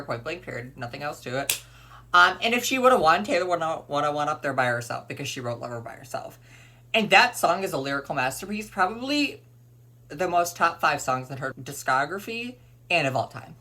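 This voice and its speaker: A man's voice: a little high, animated, normal speed, sharp tone, slight background noise. A young man ranting to the camera in a vlog, emphatic and opinionated, repeating his points. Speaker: vlogger.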